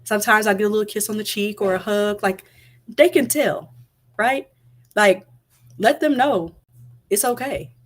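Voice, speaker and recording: A woman's voice: mid-range voice, normal speed, long pauses. A woman in her thirties, a mother of toddlers, giving casual parenting advice to viewers on a live stream in a direct, chatty way. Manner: chatty, direct, addresses viewers, many fillers like "like" and "right?".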